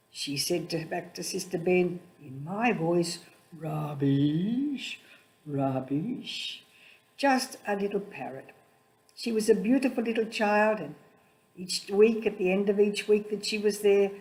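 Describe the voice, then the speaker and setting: An older woman, a religious sister, gently telling a story about a child for young listeners, slow and soft, dropping her voice low for quoted words.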